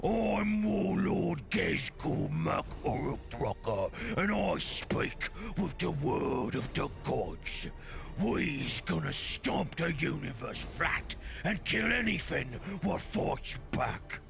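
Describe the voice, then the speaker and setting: A brutish, bragging orc warlord growls out his boasts in an extremely gravelly voice. He takes his time and drags every threat out slowly, his pitch swinging widely between words. Faint music plays behind him. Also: lively intonation, exaggerated voice. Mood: menacing boast. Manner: slow, drawn-out bellowing delivery. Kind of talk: dramatic voice reading.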